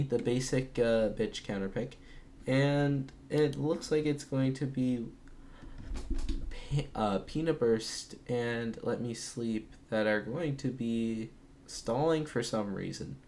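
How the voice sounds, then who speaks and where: A man casting an esports match alone from home, calling plays and then talking more quietly so as not to wake others. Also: mid-range voice, a little hiss or hum. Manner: rapid excited calls, then quieter. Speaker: esports caster. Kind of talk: solo play-by-play commentary.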